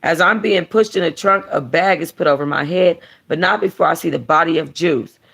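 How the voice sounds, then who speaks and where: A woman hosting a book club, reading a novel aloud and then chatting casually in an animated, slangy way. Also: deep voice, a little fast, gravelly, breathy edge. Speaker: book club host and reader.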